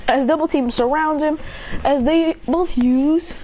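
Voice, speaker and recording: A woman's voice: high-pitched, measured pace. A woman eagerly retelling a battle story in rambling casual narration, chaining events together. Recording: dull, lo-fi home recording with faint noise.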